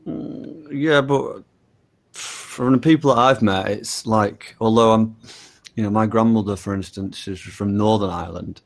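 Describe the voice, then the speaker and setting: A man from the UK with a lowish voice, talking in loose casual chat. He stumbles and repeats words as he starts his points, and drops in casual swearing. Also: measured pace, vocal fry. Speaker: conversation partner.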